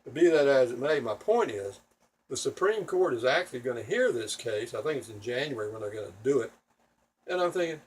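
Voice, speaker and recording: A man with a husky, slightly rough voice, rambling casually to his video audience. He sounds a little distant from the microphone, and he is blunt, profane and opinionated while poking fun at himself. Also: medium pitch, lively intonation, fairly quick. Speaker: vlogger. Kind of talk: rambling casual monologue to viewers. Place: home in Texas.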